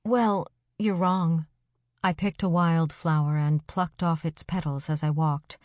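A woman narrating a first-person audiobook in an even storytelling delivery. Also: low voice, normal speed, no echo. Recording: dry close studio sound.

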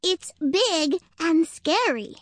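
A panicked little male squirrel gasps out every word, shrill and breathless. A woman puts him on in a very high, swooping voice for a storybook, clean and dry as in a studio. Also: expressive, very slow, dry recording, exaggerated voice. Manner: gasping, frantic and shrill.

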